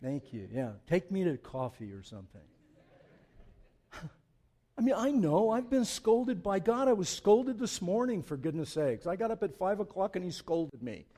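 A man preaching a sermon as pastor, swinging from loud, emphatic passages to quiet joking asides. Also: high-pitched, animated, normal speed. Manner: joking, conversational.

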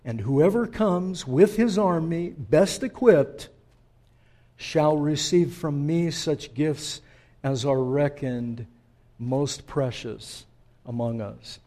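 A man voicing a pompous ancient Persian king addressing his nobles, in a grand, slow, declaiming manner. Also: a little high, mellow. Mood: commanding.

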